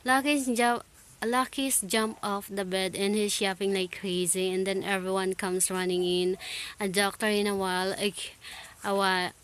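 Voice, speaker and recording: Woman, Filipino accent, unhurried, halting read-aloud, frequent self-corrections. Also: mid-range voice, level tone, a bit bright. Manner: slow, halting reading with restarts and self-corrections. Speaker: English learner reading aloud. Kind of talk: reading a novel aloud for practice.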